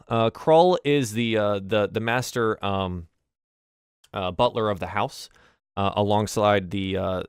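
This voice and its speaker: A man narrating a tabletop game as game master, halting and repeating words as he describes scenes. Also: on the low side, clear, resonant tone, no echo, studio quality. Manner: halting, many fillers and restarts.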